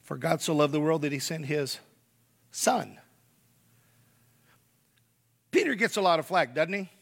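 A man's voice: a little high, lively intonation, normal speed, creaky, a bit bright. A man preaching a sermon, emphatic, repeating key words and speaking straight to the congregation. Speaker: pastor.

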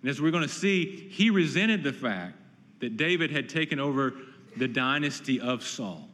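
Male pastor, emphatic sermon delivery, mid-pitched voice, long hall reverb. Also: expressive, normal speed, fairly bright tone, a little hiss or hum. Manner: earnest, emphatic preaching with repeated words.

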